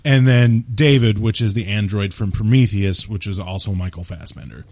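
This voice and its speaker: Lower-voiced man clarifying film details. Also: moderate pace, darkish tone, dry recording. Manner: explanatory, clarifies points. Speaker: podcast co-host. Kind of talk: casual film discussion.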